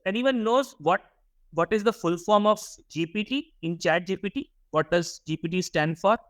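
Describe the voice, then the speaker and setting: A young man lectures a workshop class in a slightly high voice, recorded dry and close with no room echo. He often repeats words and keeps asking the students questions. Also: moderate pace, fairly bright tone. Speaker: workshop instructor.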